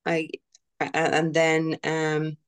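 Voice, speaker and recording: Irish woman chatting, halting and casual. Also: deep voice, completely flat delivery, clean tone. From Ireland. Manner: halting, many fillers and restarts. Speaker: guest author. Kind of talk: casual chat.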